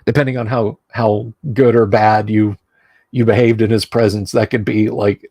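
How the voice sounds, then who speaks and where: A man's voice: lowish voice, steady tone, normal speed, darkish tone, no room sound. A middle-aged man hosting a show, reading a game rulebook aloud and drifting into rambling, self-interrupting asides. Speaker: host.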